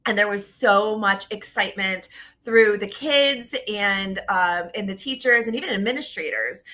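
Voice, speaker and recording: A woman's voice: mid-range voice, moderate pace. A middle-aged woman, a shelter director, telling stories with enthusiasm in a casual interview. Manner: enthusiastic, animated storytelling.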